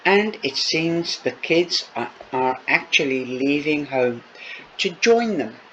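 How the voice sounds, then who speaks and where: A man's voice: a little high, lively intonation, slow, fairly bright tone. A man reading a novel aloud, voicing a tense young man who speaks tightly and guardedly. Dull lo-fi recording with faint noise.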